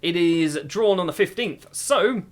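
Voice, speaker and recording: Male gaming host with a fairly high voice, lively play-by-play over gameplay. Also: unhurried. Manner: excitable play-by-play, musing aloud. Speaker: gaming YouTuber. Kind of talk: football management game commentary.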